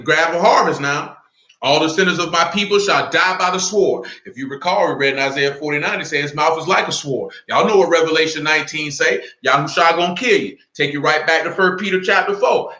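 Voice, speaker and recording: Male preacher, high and sharp-edged, confrontational sermon delivery, echoey room. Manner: fiery, confrontational street-talk preaching; slower, lower reading of scripture.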